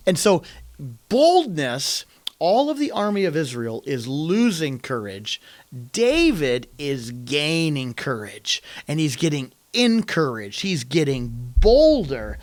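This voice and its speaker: A man's voice: a little high, sing-song, takes it slowly, no echo. A man preaching a sermon, retelling a story animatedly and acting out quoted lines in a raised voice.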